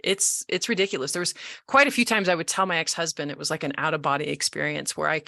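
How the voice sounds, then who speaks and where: A lower-pitched woman with a bright, forceful voice tells her story as an interview guest, lively and quick to act out the voices of people she quotes. She often restarts her sentences mid-thought. The sound is dry and close, with no room around her. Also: gravelly, no room sound. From Colorado. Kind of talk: casual interview conversation.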